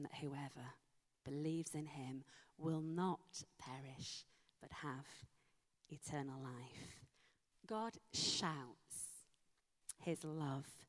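A woman preaching a sermon, slow and emphatic with dramatic pauses. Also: sits low. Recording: long hall reverb.

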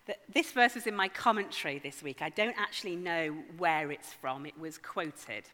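A woman's voice: low voice, moderate pace, bright, forceful tone. A woman giving a sermon, conversational with wry asides to her congregation. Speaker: preacher. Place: church. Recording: long hall reverb.

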